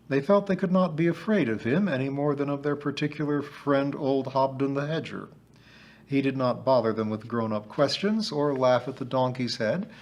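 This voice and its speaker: Brief: even-voiced man narrating a children's classic, middle pitch. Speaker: reader. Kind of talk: storybook narration.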